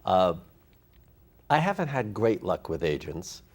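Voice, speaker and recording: A man's voice: deep voice, very animated, unhurried, slightly rough. A man, a theater actor, asking the speaker curious questions about agents. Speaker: audience member, actor.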